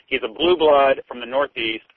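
A man's voice: mid-range voice, moderate pace, no room sound. A man from Texas, a political correspondent chatting on a radio talk show and leaning on "you know". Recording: tinny phone line.

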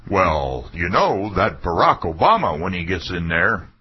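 A man's voice: sits low, sing-song, measured pace, husky. A man hosting a political talk radio show, delivering a folksy, sarcastic monologue. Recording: dull lo-fi radio broadcast.

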